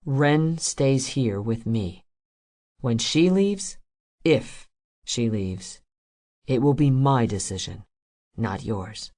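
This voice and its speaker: A woman voicing a male Druin warrior who speaks quietly and firmly with sad resolve, in a storybook reading. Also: rumbling low, expressive, slow, pauses often, exaggerated voice. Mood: resolved.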